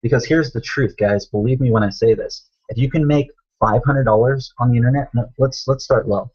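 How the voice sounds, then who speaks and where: A man's voice: medium pitch, fairly quick, a little mellow, husky, muffled recording. A man coaching viewers on a live stream, talking emphatically, repeating himself and calling them guys. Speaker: online business coach. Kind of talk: motivational live stream talk.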